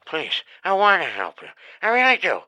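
A man's voice: sits high, wildly swooping pitch, moderate pace, pushed and bright, no room sound, exaggerated voice, poor audio. A man playing a dry, teasing police desk sergeant in a comedy sketch. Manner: dry, teasing, patient but mocking. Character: deadpan, sarcastic male police desk sergeant.

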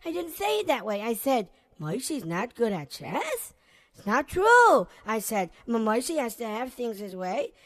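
A woman's voice: on the high side, expressive, normal speed, few pauses. A woman voicing a timid, stammering young schoolboy in a children's drama. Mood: flustered. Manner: stammering, hesitant.

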